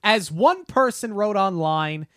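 A man co-hosting a podcast, building up a story slowly with playful disbelief. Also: high voice, expressive, sharp tone, clear, resonant tone, no echo, studio quality. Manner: slow, deliberate build-ups with playful disbelief. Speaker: podcast co-host. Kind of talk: casual podcast chat. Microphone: podcast microphone.

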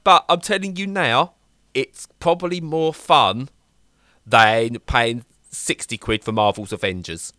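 A young man co-hosting a casual chat, rambling and animated as he acts out little voices. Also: mid-range voice, a little slow, dry recording, clean studio sound. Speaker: podcast co-host reviewing games.

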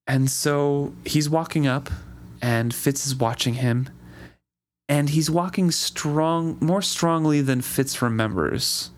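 A man's voice: on the high side, takes it slowly. Man musing and reading aloud. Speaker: book discussion co-host. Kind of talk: casual chat and reading aloud.

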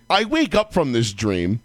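This podcast co-host has a mid-range voice, recorded without echo. Chatting on a relaxed sports show, he tells a lengthy story full of profanity and shouts when acting out his own blowups.

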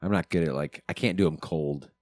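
Give me a deep-voiced male podcast co-host with an easygoing, chuckling manner. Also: fairly quick, no echo. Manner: relaxed, agreeable, chuckling. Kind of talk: casual chat.

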